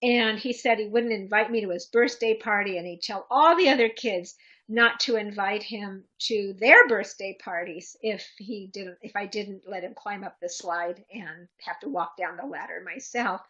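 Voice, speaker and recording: A woman's voice: mid-range voice, moderate pace, pushed and bright, dull audio. A woman presenter answering audience questions in a webinar, giving practical advice and acting out short commands aloud.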